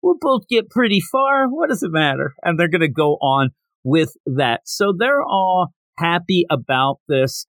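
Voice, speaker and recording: A man talks through a manga chapter in a casual podcast recap, his voice swinging widely up and down. He throws in quick voices for the characters as he goes. The sound is close and dry. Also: mid-range voice, no room sound. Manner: animated, acts out characters' lines in quick voices. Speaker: podcast host.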